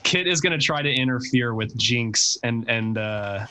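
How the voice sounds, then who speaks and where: A man playing a tabletop role-playing game, talking in a hurried, hushing way. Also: medium pitch, animated, crowd noise. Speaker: player.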